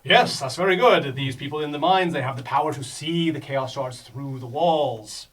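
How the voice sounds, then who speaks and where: A man's voice: mid-range voice, moderate pace, fairly bright tone. A man running a tabletop game for beginners, quizzing players and chuckling as he stumbles over names. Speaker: game master. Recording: distant mic, faint background noise.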